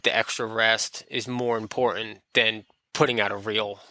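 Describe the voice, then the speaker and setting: A man's voice: on the low side, level tone, normal speed, sharp tone, no room sound. A man being interviewed on a podcast, talking in a laid-back, rambling way with lots of fillers. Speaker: podcast guest. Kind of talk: casual interview chat.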